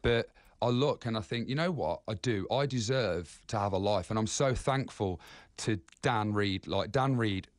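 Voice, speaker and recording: Radio guest: earnest man, low voice, dry close sound, repeats himself. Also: no echo. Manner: earnest, repetitive, halting. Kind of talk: radio interview.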